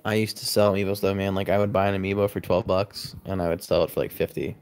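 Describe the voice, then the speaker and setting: A man's voice: sits low, steady tone, quick pace, a little mellow, clear, resonant tone. A man chatting casually on a livestream from his loft at home, rambling, yawning and answering viewer comments, recorded on a phone. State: sleepy, yawning. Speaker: livestream host. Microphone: phone camera.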